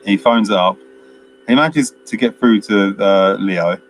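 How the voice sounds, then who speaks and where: A man's voice: on the low side, measured pace, slight background noise, low-quality recording. A man co-hosting a film chat, casually retelling a plot in a rambling way with lots of fillers and chuckles. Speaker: film podcast co-host.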